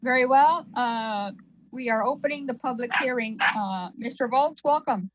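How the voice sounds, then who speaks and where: A woman's voice: a little high, moderate pace, slight background noise, poor audio. A woman chairing a virtual board meeting, reading agenda items formally with hesitant fillers.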